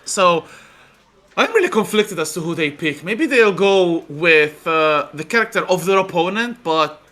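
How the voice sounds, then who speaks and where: A man's voice: high voice, animated, unhurried, sharp tone. A man co-commentating a fighting game match live, analytical and hesitant with lots of filler words.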